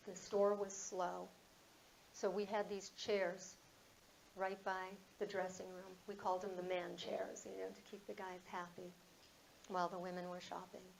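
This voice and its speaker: A woman in her fifties, a motivational speaker telling a personal story in a conversational, animated way. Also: medium pitch, creaky, slight background noise, low-quality recording. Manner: conversational, animated, acts out dialogue.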